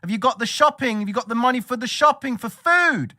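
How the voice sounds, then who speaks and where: A man putting on a shrill, exasperated mother nagging about rent and shopping. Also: lively intonation, brisk, bright, forceful tone.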